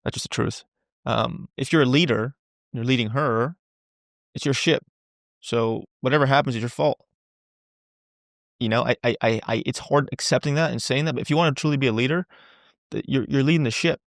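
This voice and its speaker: Gravelly-voiced man musing candidly. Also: medium pitch, a little fast, long pauses, dry recording, studio quality. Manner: rambling, repeats words, swears casually. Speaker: podcast guest. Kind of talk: candid conversational interview.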